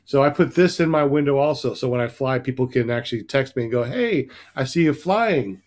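A man's voice: mid-range voice, animated, a little fast, a little mellow. A man hosting a casual livestream chat, rambling with many fillers. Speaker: host of a paramotor livestream.

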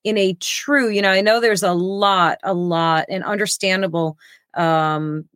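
A woman hosting a casual political chat, talking haltingly with many pauses. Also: medium pitch, steady tone, fairly bright tone, no room sound, clean studio sound. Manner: halting, lots of fillers and restarts.

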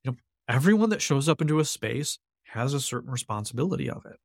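A man's voice: medium pitch, expressive, fast, gravelly, dry recording. Earnest man explaining, dry sound. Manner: earnest, explanatory, repeats key phrases. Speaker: podcast guest. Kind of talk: conversational interview.

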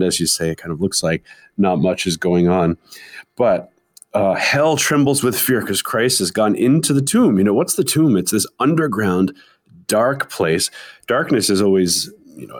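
A man co-hosting a podcast in casual discussion, explaining a text and reading passages from it aloud. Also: deep voice. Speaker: podcast co-host.

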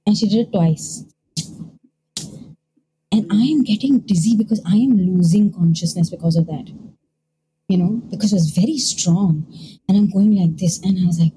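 A woman's voice: medium pitch, moderate pace. A woman, casually telling a ghost story and acting out the voices, often checking in with "okay?". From India. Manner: animated, acts out quoted voices, frequent "okay?" check-ins. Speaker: storyteller host. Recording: noisy background ambience.

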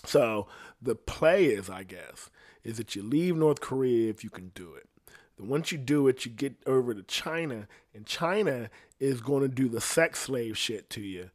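A man telling a story in a casual, rambling monologue, swearing bluntly and getting loud and high when outraged. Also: expressive, moderate pace, dry recording, studio quality.

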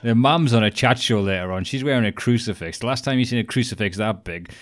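A man's voice: mid-range voice, fast talker. A man in a casual chat, blunt and joking, swearing often.

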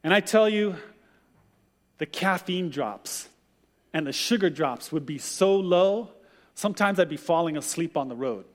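Male pastor, sermon; higher voice, acts out quotes with animation; long room reverb. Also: lively intonation, a little slow.

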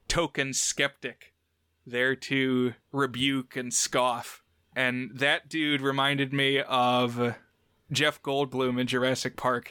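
A man's voice: medium pitch, bright, forceful tone, clean tone, no room sound, studio quality. A man co-hosting a podcast, casually reviewing and explaining details step by step. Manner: explanatory, walks through details methodically. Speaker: podcast co-host.

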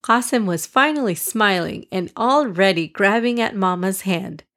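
A woman narrating a children's storybook in an even, measured read-aloud voice. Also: medium pitch.

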